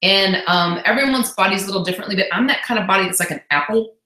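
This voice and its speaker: A woman coach speaks in a heartfelt, chatty way on a casual motivational call and slips in quick asides. Her voice sits at an ordinary middle pitch. The room around her gives a noticeable echo. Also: pushed and bright. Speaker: fitness business coach.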